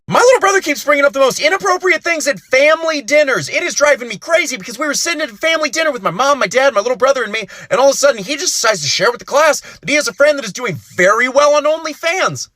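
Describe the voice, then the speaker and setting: Brief: young American man, comic storyteller, bright, lively high voice, dry close sound. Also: quick pace, few pauses, no echo. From United States. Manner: animated, exaggerated voices for family members, outraged bursts. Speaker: comedy storyteller.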